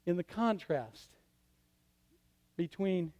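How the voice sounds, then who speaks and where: A man preaching a sermon as pastor, swinging from loud declarations to hushed, quiet passages. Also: high-pitched, lively intonation, slow. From Michigan.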